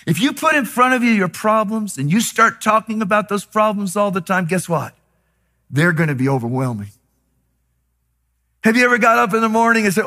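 A male pastor preaches with a high, bright, forceful voice. He swings between quiet, drawn-out lines and loud, shouted bursts. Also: expressive. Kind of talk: sermon.

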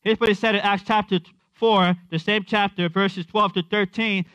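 A man's voice: sits high, steady tone, moderate pace, a bit bright, clean tone, no echo. A man preaching a conversational sermon, repeating his refrains and acting out quotes.

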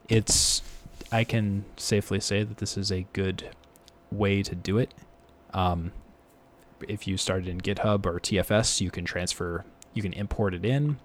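A man with a very low, deep voice chats loosely about software as a podcast co-host. He rambles, restarts his sentences and pokes fun at himself. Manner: rambling, self-deprecating, frequent restarts. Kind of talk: casual tech chat.

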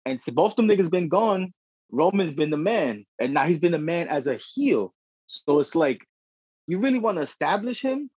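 A young man co-hosting a casual wrestling podcast, talking in a profane, slangy, excitable way. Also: on the high side, moderate pace, slightly rough, no echo. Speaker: podcast co-host. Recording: dry dull lo-fi audio.

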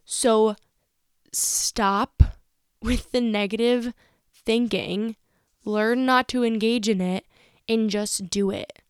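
Candid young woman podcaster, clear dry voice. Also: a little high, fairly even intonation, takes it slowly, long pauses, no echo. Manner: candid, motivational, uses slang and swearing. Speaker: podcast host. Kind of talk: casual solo podcast talk.

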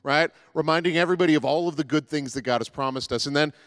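A man's voice: a little high, fast, fairly bright tone, dry recording, clean studio sound. A man giving a casual, joking sermon as pastor, with many fillers and restarts.

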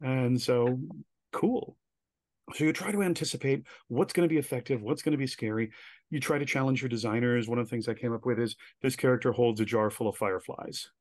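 A man's voice: mid-range voice, brisk, dry recording. A man, a guest on an interview podcast, telling stories animatedly and acting out the quoted lines. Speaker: guest, director.

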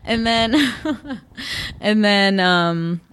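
A woman's voice: mid-range voice, drawn-out words, fairly bright tone, smooth. A woman hosting a podcast, casually recapping a TV episode in a giggly, rambling way with lots of fillers. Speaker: podcast host.

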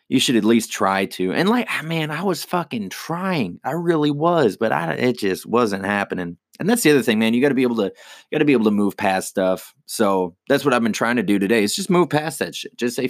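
Young male comic, low voice, rambling and swearing, dry close sound. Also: dry recording. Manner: profane, rambling and self-critical. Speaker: stand-up comedian. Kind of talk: casual monologue.

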